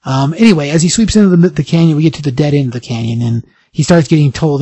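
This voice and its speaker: A man hosting a podcast, casually recapping a comic book story in an animated way, briefly acting out the characters' lines. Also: a little high, fast, slightly rough, no echo. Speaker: podcast host.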